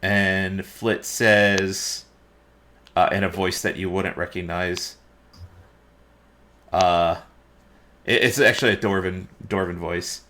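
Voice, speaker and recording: A man with a lowish voice narrates a tabletop game as its dungeon master. He takes his time, pausing and hesitating as he describes the scene. His tone stays bright. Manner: relaxed, unhurried narration with hesitations.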